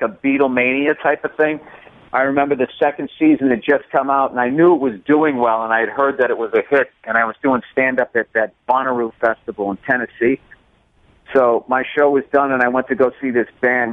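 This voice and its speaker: A comedian guest with a mid-range voice tells stories in a casual interview, animatedly acting out voices along the way. The audio is tinny like a phone line, dry with no echo.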